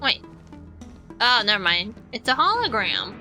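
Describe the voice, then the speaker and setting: A woman's voice: high-pitched, sing-song, a little slow, over loud music. A woman streamer chatting casually and playfully while playing a game, rambling through asides.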